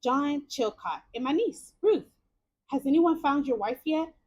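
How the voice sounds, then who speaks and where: A courteous, steady uncle making introductions, read by a woman. He speaks in a measured way. The voice is fairly high and lively. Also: lo-fi sound, slight background noise. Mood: polite. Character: calm older uncle, polite and steady.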